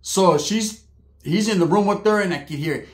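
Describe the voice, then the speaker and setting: Man, comic storyteller, crude slangy delivery, higher register. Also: moderate pace. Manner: slangy, crude, laughing asides. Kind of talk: comedic storytelling. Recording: roomy echo.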